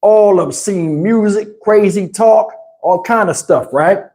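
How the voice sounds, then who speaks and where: A man telling a profane road story on his channel, animated and cussing, acting out everyone involved. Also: high voice, slow. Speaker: channel host.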